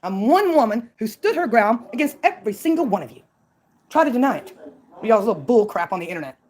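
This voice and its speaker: A woman's voice: fairly high pitch, big pitch swings, fairly quick, darkish tone. A woman from Mississippi, ranting on her own channel in a combative, mocking way. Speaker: channel owner. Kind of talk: ranting call-out vlog.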